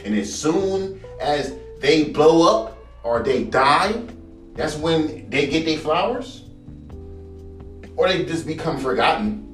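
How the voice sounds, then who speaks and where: Male podcast host with a heated, profane, repetitive rant; lively delivery, roomy echo. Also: a little high, slow pace, soft background music. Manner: heated and profane, repeats himself. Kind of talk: ranting monologue.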